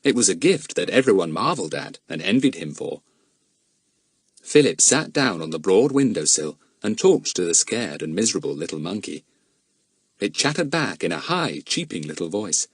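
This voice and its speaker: A man narrating a children's adventure audiobook in an expressive storytelling manner. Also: low-pitched, breathy edge, no echo, studio quality. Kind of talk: scripted narration.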